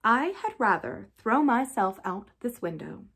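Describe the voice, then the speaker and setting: A woman voicing a desperate noblewoman who speaks slowly and distinctly. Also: on the high side, very animated. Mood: grave. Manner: slow and distinct.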